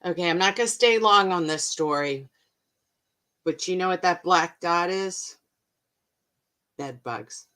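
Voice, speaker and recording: An American woman hosting a mindfulness show, telling travel stories in a lively, chatty way. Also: fairly low pitch, measured pace, long pauses. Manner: animated, chatty, expressive. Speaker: host and mindfulness coach. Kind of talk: casual storytelling to camera.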